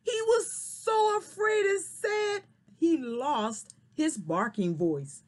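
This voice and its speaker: A woman telling a story to children, slow and very expressive, then talking to her young viewers. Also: very high-pitched. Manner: slow, sing-song and very expressive.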